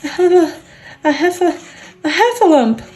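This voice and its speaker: A woman voicing a timid small male piglet, with high, squeaky, stammering cries. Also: lively intonation, measured pace, warm tone. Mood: breathless.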